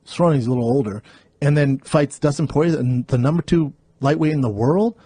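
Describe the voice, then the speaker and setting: Blunt, husky-voiced man telling stories in casual podcast chat. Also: mid-range voice, brisk, warm tone. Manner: blunt storyteller, swears often.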